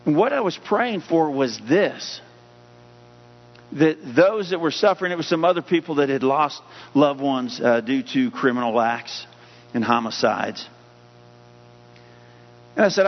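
A man's voice: a little high, lively intonation, a little slow, long pauses. A male pastor delivering a sermon, rising in emphasis as he reads scripture. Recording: dull hum-laden audio with long hall reverb.

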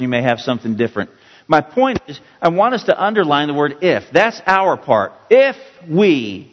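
A man teaching a Bible passage as a pastor, slow and emphatic, repeating key words for his listeners. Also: a little high. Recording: dull, roomy hall sound.

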